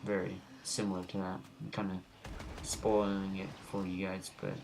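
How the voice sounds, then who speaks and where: A low voice with completely flat delivery, vocal fry, and a moderate pace belongs to a young man hosting a gaming channel. He rambles goofily over his gameplay, easily sidetracked, in a home recording with faint background noise.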